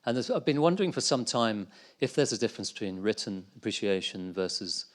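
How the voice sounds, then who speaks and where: A man's voice: lowish voice, very animated, fairly quick. A man hosting a conference Q&A and asking a question hesitantly, with many fillers. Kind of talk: casual conference Q&A.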